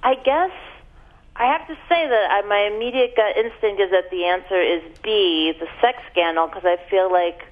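A woman's voice: medium pitch, normal speed, phone-quality sound. A young woman comedian on a radio quiz, dry and self-deprecating, hesitating with ums. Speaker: comedian guest. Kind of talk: radio interview banter.

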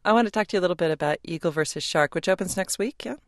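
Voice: medium pitch, rapid-fire, dry recording. A radio host reads wry scripted introductions and asks questions in a mid-range voice. The sound is close and dry, like a studio booth. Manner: crisp, wry news delivery. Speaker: radio interviewer. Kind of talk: radio interview and scripted narration.

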